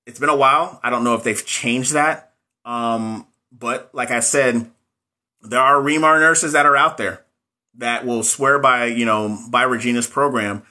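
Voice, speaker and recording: Guy doing a casual live chat, lots of ums and restarts, bright tense-ish voice, talking to viewers. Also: medium pitch, steady tone, measured pace. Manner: candid, rambling, frequent fillers and restarts. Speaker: nursing exam coach.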